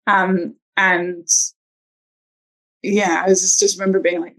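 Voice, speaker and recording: Lowish gravelly woman telling a story, loads of ums and likes, super casual. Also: flat delivery, a little slow, poor audio. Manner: chatty, many ums and likes, acts out quotes. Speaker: guest sharing her birth story.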